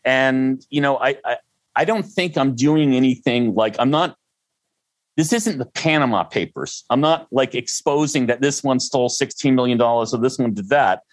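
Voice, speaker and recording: An older freelancer as an interview guest, rambling and self-deprecating with frequent restarts. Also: male voice, mid-range voice, normal speed, no room sound, rough recording. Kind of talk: conversational interview.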